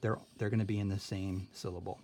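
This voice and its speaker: A young male teacher, with a slightly low voice, walks through a spelling lesson at a patient, careful pace and keeps checking in with "okay?". A faint hiss sits under the recording. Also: flat delivery, fast, dark tone.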